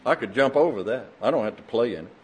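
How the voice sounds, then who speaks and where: A male preacher voicing a stubborn little boy in a sermon story, speaking in a low, sulky mumble. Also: expressive, fast, husky. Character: small muddy boy, stubborn and whiny.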